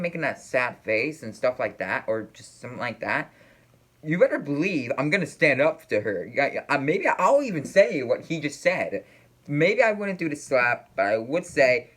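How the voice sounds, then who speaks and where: A man talks through his reaction in loose, unscripted commentary. He rambles and stalls, stacking fillers and false starts as he hunts for his words, and his voice sits at an ordinary middle pitch. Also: sing-song, fairly bright tone. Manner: rambling, halting, full of fillers and restarts. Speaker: reaction video host.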